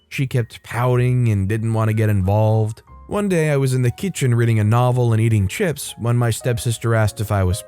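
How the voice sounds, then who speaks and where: A man narrating a written story in a steady, even read. His voice sits in a middle range for a man. Soft music plays faintly behind him. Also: medium pitch. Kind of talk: scripted narration. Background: faint background music.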